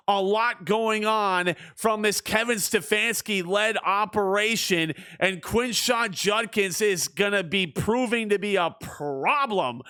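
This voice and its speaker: A young man streaming a football video game, calling the plays like a sports commentator and shouting on big plays. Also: high voice, clear, resonant tone. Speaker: streamer doing play-by-play.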